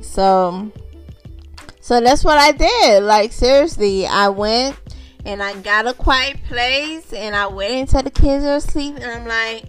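A woman's voice: on the high side, measured pace, soft background music. Chatty woman podcast host. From Haitian background. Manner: chatty, repeats herself, addresses listeners as y'all. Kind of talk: unscripted casual podcast talk.

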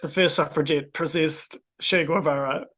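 A man's voice: on the high side, steady tone, moderate pace, a crowd in the background. Playful man with a raised voice. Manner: playful, jokey. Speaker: podcast host. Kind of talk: casual podcast chat.

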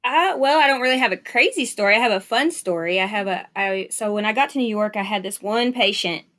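Chatty Southern nurse, mid pitch. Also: female voice, brisk, a bit bright. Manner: chatty, upbeat storyteller with many fillers. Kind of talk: casual interview conversation.

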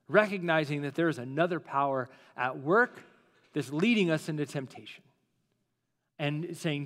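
A man's voice: a little high, brisk, fairly bright tone, long reverb tail. A man preaching a sermon as lead pastor, in a casual, conversational way with plenty of fillers.

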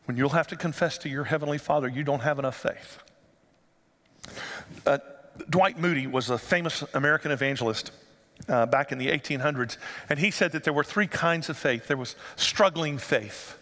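A man preaching a lively sermon, his fairly high voice bright and ringing. He keeps throwing rhetorical questions at the congregation. The sound trails off into the long reverb of a church sanctuary. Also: moderate pace. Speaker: pastor.

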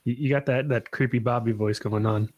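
A man co-hosting a casual podcast who teases the others and laughs often. His voice sits at an ordinary pitch, and he talks in a loose, easygoing way. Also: fairly even intonation, a little fast, no echo, dull audio. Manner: teasing, laughing a lot. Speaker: podcast co-host. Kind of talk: casual chat.

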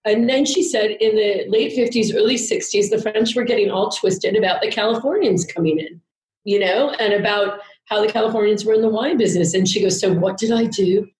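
Woman guest, mid-pitch, candid and rambling with easy swearing, roomy echoey room. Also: fairly quick, darkish tone. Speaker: podcast guest. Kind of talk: casual storytelling chat.

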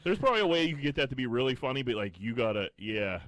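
Male podcast co-host, joking and profane, very lively intonation, dry close mic. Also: medium pitch, racing, no echo. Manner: joking, swearing, chimes in with quips. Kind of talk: casual podcast chat.

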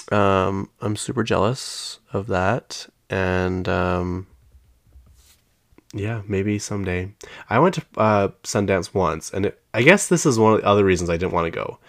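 Deep-voiced man rambling on his podcast. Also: fairly bright tone. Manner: rambling, drifts off topic with many fillers; chatty storyteller who laughs often. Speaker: podcast host. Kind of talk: casual solo podcast chat. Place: his home podcast room.

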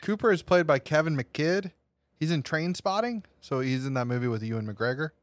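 A man's voice: a little high, lively intonation, moderate pace, dry recording. A man hosting a casual movie podcast, rambling through his notes with lots of fillers and restarts. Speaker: podcast host.

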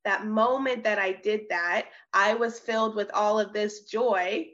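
A young woman, a missionary, telling her personal testimony in an interview, earnest and animated, often laughing and restarting her sentences. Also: mid-range voice, measured pace. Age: young adult. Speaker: missionary guest. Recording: slightly dull audio.

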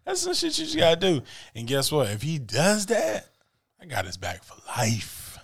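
A man's voice: a little high, moderate pace, gravelly, breathy edge. A man co-hosting a casual chat, telling stories with slang and frequent laughter. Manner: animated, laughing, slangy storytelling. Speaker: podcast co-host. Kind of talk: casual chat about sneakers.

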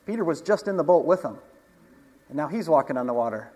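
A man's voice: a little high, expressive, fast, a little mellow, husky. A man preaching a casual sermon, talking conversationally, asking the congregation questions and chuckling often. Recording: long hall reverb.

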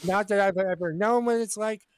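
High-voiced American man, stammering. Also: moderate pace, slight background noise. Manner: stammering, restarting, laughing easily. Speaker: podcast co-host. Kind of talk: casual comedy chat.

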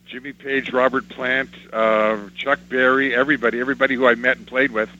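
Bright-voiced older man telling stories. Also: medium pitch, flat delivery, a little fast. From Canada. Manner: anecdotal, reminiscing, acts out quoted voices. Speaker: musician guest. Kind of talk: interview storytelling. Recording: slightly dull with faint hum.

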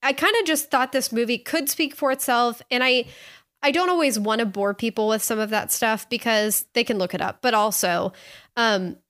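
Woman cohost, kinda high voice, excited casual movie chat, keeps correcting herself. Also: normal speed. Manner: enthusiastic, self-correcting. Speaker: podcast co-host.

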